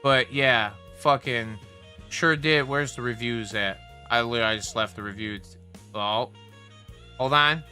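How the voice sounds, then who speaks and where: A man's voice: mid-range voice, unhurried, bright, forceful tone, soft background music. A young man hosting a livestream, ranting casually with heavy profanity and a heated, rambling delivery. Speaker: livestream host.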